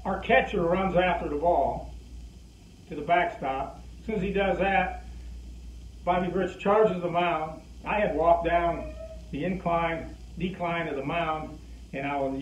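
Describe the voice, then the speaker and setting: An older man, a former pitcher, telling a lively anecdote and acting out the lines of the people in it. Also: normal speed, slight background noise. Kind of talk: anecdotal storytelling. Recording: distant echoey muffled recording.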